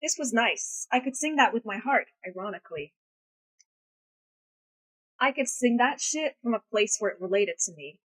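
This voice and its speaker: A woman's voice: a little high, expressive, normal speed, pauses often, a bit bright, poor audio. A woman chatting casually on a live stream, rambling, crude and self-mocking, swearing freely. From United States.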